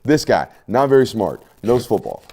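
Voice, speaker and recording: A man's voice: on the low side, sing-song, moderate pace, background noise. A man hosting a casual sports show, joking and teasing his co-hosts.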